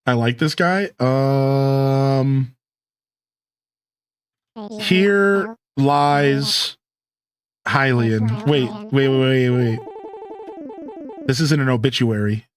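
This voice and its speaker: A man live-streaming a modded life-sim game, chatting casually to his viewers and himself in a relaxed, slangy way. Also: mid-range voice, extremely slow, pauses often.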